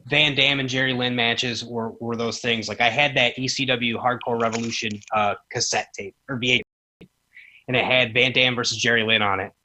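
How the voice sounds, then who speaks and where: Man, 30s, podcast guest: bright voice, animated storyteller who acts out the quotes. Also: mid-range voice, brisk, slight background noise. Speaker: podcast guest, former wrestling promoter. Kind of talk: casual storytelling chat.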